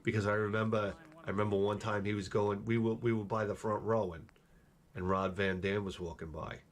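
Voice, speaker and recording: A man's voice: on the low side, steady tone, fairly quick. A middle-aged man chatting casually while streaming a game, rambling and profane, with wisecracks. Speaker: gameplay streamer. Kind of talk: casual chat while gaming.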